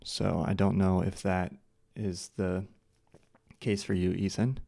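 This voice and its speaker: In studio-quality audio with no echo, a man chats casually with his live stream viewers as he edits, muttering to himself along the way. His deep, mellow voice carries vocal fry, stays fairly flat, and moves slowly, with many fillers and restarts.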